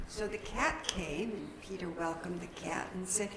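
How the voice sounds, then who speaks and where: A woman's voice: fairly low pitch, measured pace. A woman minister, giving a chatty, folksy sermon in a church. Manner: chatty, folksy, laughing at her own slips. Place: church sanctuary. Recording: roomy church hall with background noise.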